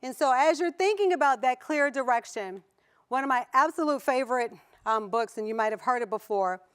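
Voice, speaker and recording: Before an audience in a conference hall, a Southern US woman gives a motivational keynote in a high, fairly bright, smooth voice. She's animated and brisk, playful throughout, laughing often and tossing questions to the crowd.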